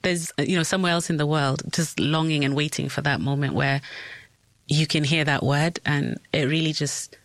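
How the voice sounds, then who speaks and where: A woman hosting an interview, asking gentle questions and reflecting with empathy. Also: sits low, normal speed, dry recording. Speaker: interviewer, host.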